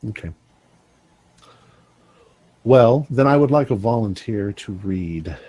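A man running a tabletop game as game master, measured and relaxed, with some fillers. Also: fairly low pitch, breathy edge, rough recording.

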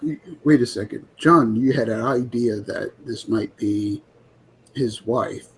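A man playing a tabletop game, asking calm, coaxing questions in character. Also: mid-range voice, measured pace, a little hiss or hum. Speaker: player.

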